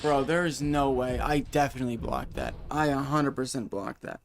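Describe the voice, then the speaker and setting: A man's voice: medium pitch, fairly even intonation, moderate pace, noisy background. A man streaming a video game, chatting casually and sarcastically with his viewers. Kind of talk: casual gaming stream chat.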